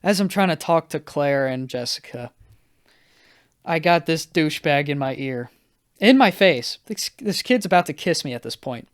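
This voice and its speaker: A man's voice: on the high side, expressive, moderate pace, smooth. A young man hosting a solo podcast, telling a rambling, self-mocking story and acting out what people said in raised voices. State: high and anxious. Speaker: podcast host.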